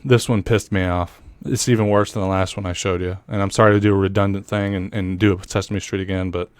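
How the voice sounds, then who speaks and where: A man's voice: deep voice, level tone, quick pace, smooth, no room sound. Male commentary host, heated and profane. Dry, close recording. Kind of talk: angry political commentary.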